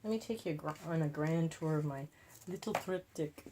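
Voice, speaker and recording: A woman's voice: low voice, normal speed, mellow, a little hiss or hum. A woman vlogging as she paints, thinking aloud about her choices and tossing in playful asides. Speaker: craft vlogger. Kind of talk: casual talk while painting.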